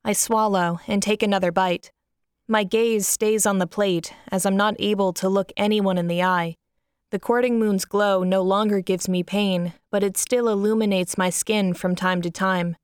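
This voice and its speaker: A woman's voice: mid-range voice, fairly even intonation, moderate pace, smooth, dry recording, clean studio sound. Woman reading a mournful first-person story. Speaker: narrator. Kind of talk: first-person audiobook narration.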